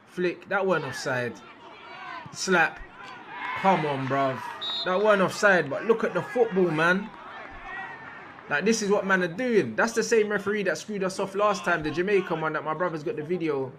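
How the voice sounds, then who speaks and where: A young man giving casual, slangy reaction commentary over football footage, repeating phrases and breaking into loud outbursts at big moments. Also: high voice, a little hiss or hum.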